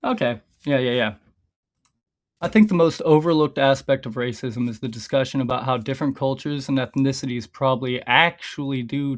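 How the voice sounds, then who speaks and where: A man streaming casually, reading his own scripts aloud in a loose, rambling way, swearing a lot and often stopping to laugh at his own lines. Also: mid-range voice.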